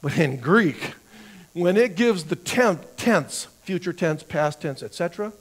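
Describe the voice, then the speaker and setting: A man's voice: high voice, lively intonation, unhurried. A man teaching a church Bible class, who asks the class questions, answers them himself and often repeats words while he thinks.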